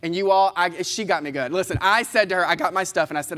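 A man, giving an animated, playful motivational keynote and talking straight to the audience. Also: sits high, fast talker, few pauses, background noise. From Kentucky, US. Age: 30s. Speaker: keynote speaker. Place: large conference hall. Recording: long hall reverb.

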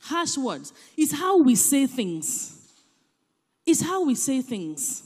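Nigerian woman speaking at church, high voice, animated and emphatic, long hall echo. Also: slow, slightly rough. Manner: animated, emphatic, shifts between loud and soft. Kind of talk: church talk on parenting.

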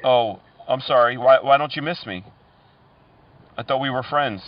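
A man's voice: medium pitch, moderate pace, lo-fi sound. A man making prank calls, teasing and flirting with pick-up lines. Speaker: prank caller. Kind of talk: prank phone call.

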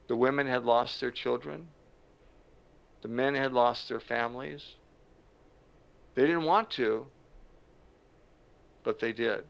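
A man who works as a motivational speaker tells a story in a slow, dramatic way with emphatic pauses. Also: medium pitch, gravelly, fairly bright tone. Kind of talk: storytelling talk to camera. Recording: dull lo-fi sound.

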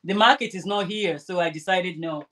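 A woman's voice: fairly low pitch, moderate pace, background noise. Chatty woman crafting and chatting. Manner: chatty, rambling, restarts sentences. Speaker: crafter vlogger. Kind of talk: casual chat while sewing.

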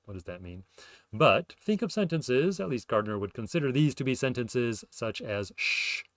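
A man's voice: mid-range voice, animated, moderate pace, no echo. A man hosting his own podcast, explaining ideas in a casual lecture, thinking aloud with fillers and self-corrections. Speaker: podcast host explaining linguistics.

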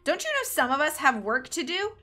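A woman's voice: on the high side, expressive, a little fast, sharp tone, soft background music. A woman reading aloud, voicing a haughty, demanding fashion designer. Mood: imperious. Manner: demanding, imperious.

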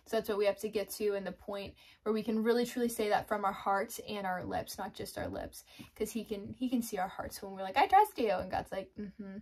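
A woman's voice: mid-range voice, flat delivery, a little fast, darkish tone. A woman giving a casual devotional talk, chatty, laughing often and acting out her own inner thoughts. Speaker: Christian devotional vlogger. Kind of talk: casual faith talk to camera.

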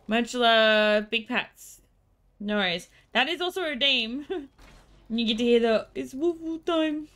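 A woman's voice: on the high side, unhurried, long pauses, fairly bright tone. A woman with an Australian accent, streaming and chatting casually with viewers, playful, laughing often and baby-talking to her dog.

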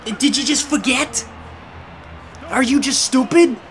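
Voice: high voice, slow pace, soft background music. A let's play commentator in an angry, profane rant, firing exasperated rhetorical questions at the game's makers.

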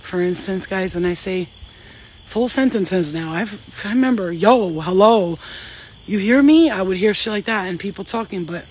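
A woman's voice: mid-range voice, moderate pace, breathy edge. Rambling profane woman medium. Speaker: spiritual medium. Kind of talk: casual spiritual channeling vlog.

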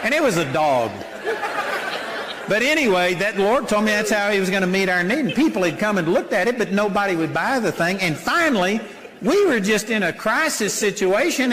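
Older guy preaching, folksy, voice jumps all over, big echoey hall. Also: high-pitched. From Texas. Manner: animated, folksy storytelling with mock voices. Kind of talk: sermon. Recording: long hall reverb.

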